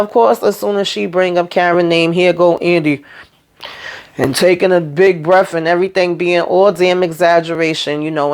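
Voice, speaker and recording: A woman hosting a casual TV episode recap, retelling scenes through quoted dialogue with slangy asides. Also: on the low side. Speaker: TV show recap host.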